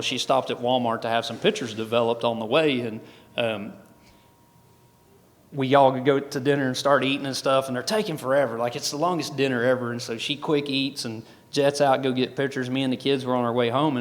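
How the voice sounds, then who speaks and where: A man gives a folksy personal testimony as a guest speaker, with many restarts. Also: medium pitch. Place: large event hall. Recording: long hall reverb.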